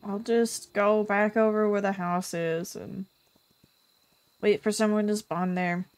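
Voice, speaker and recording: A woman streaming a game live, chatting casually with her viewers and reacting out loud to the game. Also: mid-range voice, level tone, measured pace, dry recording. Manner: chatty, reads chat, bursts into loud frustrated yelps.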